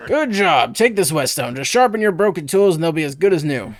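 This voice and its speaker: A man's voice: a little high, lively intonation, brisk, soft background music, natural voice. A man doing a grumbly village blacksmith.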